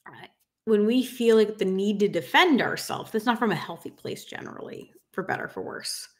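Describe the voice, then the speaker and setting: A woman's voice: mid-range voice, animated, normal speed. Frank woman coaching groomers. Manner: frank, emphatic, addresses viewers as guys. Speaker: dog grooming business coach. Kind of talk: casual rant to camera.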